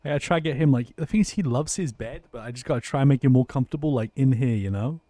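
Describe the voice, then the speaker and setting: A man's voice: medium pitch, fast talker, dark tone, no echo. A man chatting casually on a live stream, rambling with lots of restarts and frequent swearing.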